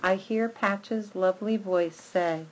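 A woman giving lively, expressive first-person narration of a children's story. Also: medium pitch, unhurried, muffled recording. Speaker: audiobook narrator.

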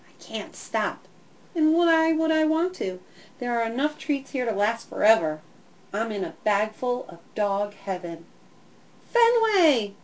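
A woman narrating a first-person children's story in a lively, expressive way. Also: medium pitch, poor audio. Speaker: audiobook narrator.

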